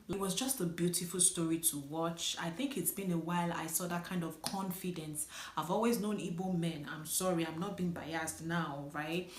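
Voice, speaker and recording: A woman's voice: lowish voice, normal speed. A woman from Nigeria giving a casual, candid spoken movie review, chatting directly to viewers and laughing often. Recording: echoey room.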